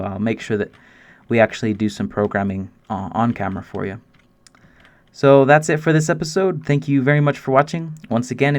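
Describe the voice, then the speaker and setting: A man hosting a casual game map-making tutorial, eager and explaining step by step with frequent restarts. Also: medium pitch. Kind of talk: casual screen-recorded tutorial narration.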